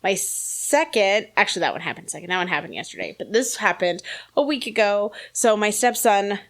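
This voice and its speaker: A woman in her thirties, podcast co-host, telling a story in a casual, animated way and laughing often. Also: mid-range voice, fairly quick. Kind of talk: casual chat.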